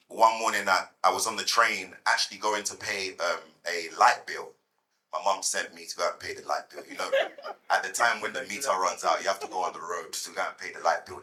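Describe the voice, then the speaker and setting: A man in his thirties, a guest at a fireside chat, telling lively anecdotes to a live audience and repeating words as he goes. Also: low-pitched, rough recording.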